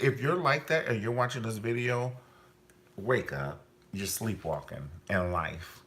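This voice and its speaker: A man's voice: on the low side, a little slow, a bit bright, a little hiss or hum. A man reviewing a TV series in a vlog, blunt and profane, swinging theatrically up and down as he rants. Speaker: TV show reviewer. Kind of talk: ranting commentary vlog.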